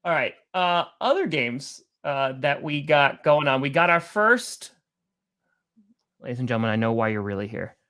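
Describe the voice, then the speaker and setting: A man's voice: mid-range voice, expressive, moderate pace, bright, forceful tone, smooth. Teasing young man on a sports podcast. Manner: laughing, teasing. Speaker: podcast co-host. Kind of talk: casual sports chat.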